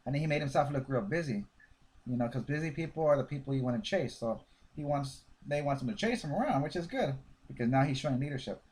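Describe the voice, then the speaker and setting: A man giving casual sales coaching in an animated way, acting out pitch dialogues with prospects. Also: fast talker. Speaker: network marketing coach.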